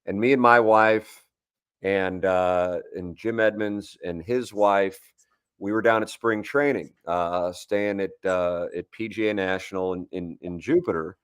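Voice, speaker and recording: A man's voice: low voice, steady tone, a little slow, clean tone, no room sound, clean studio sound. Man in his forties telling sports stories. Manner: rambling anecdotes with many restarts. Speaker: sports radio guest. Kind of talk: casual sports talk, storytelling.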